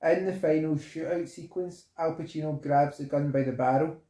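A man's voice: a little high, normal speed, dark tone. A man with a Scottish accent co-hosting a film podcast, reading trivia in a dry, provoking way. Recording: echoey room.

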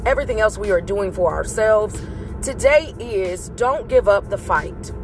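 A woman's voice: mid-range voice, lively intonation, measured pace, music in the background. A woman hosting a motivational vlog, giving an earnest, faith-based pep talk that repeats its points to encourage listeners.

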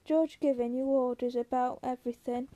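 Woman reading as lonely young ranch wife, coaxing and bitter, high soft voice. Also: fairly even intonation, normal speed, lightly acted.

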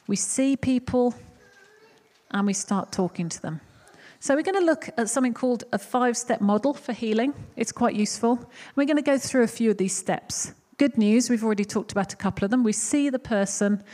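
A woman's voice: medium pitch, warm tone. A middle-aged woman giving a conversational teaching on prayer for healing, candid and lightly self-deprecating, telling a personal story.

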